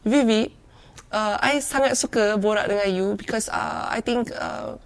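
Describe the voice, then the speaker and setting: A woman's voice: mid-range voice, normal speed. Malaysian woman host, code-switching. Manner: code-switching between Malay and English, frequent "yeah" and "mm-hmm" backchannels. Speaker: talk show host. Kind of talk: friendly interview chat.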